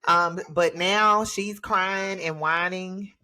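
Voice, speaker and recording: A woman hosting her own livestream from home, talking in a relaxed, chatty way and laughing often. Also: on the low side, takes it slowly. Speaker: livestream host. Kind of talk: casual livestream chat. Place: home with children.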